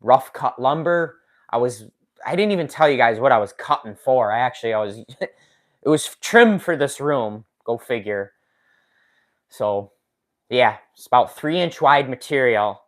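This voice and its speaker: A man hosts a casual live stream, talking straight to his viewers. He reads their comments out loud and laughs often. He speaks into a desk microphone with his injured hand in a splint. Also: mid-range voice, animated, a little slow. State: recovering from a finger injury, in a splint. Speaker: woodworking channel host.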